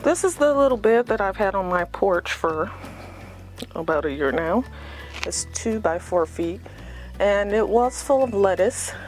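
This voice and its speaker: A woman's voice: medium pitch, lively intonation, a little slow, darkish tone, faint music behind. A woman giving a casual, unscripted tour of her front yard garden, chatty and rambling with self-deprecating asides, filmed outdoors on a phone.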